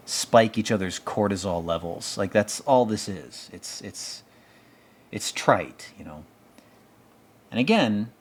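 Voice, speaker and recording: A man with a fairly low voice talks over a TV episode in loose, rambling commentary. He is sardonic and swears casually, and he riffs as he watches. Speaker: show commentator.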